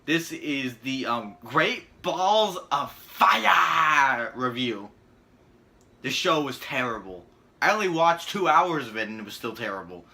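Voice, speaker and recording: A man's voice: medium pitch, pushed and bright. A young man hosting his own channel, reviewing a show in a sarcastic, rambling, crude rant. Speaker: channel host, wrestling reviewer. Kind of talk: casual ranting video review.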